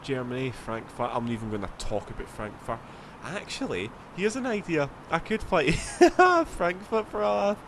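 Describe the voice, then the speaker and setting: A man's voice: fairly high pitch, big pitch swings, normal speed, few pauses, background noise. A man with a Scottish accent, rambling casually as he streams a flight sim, swearing now and then. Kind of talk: casual gameplay commentary.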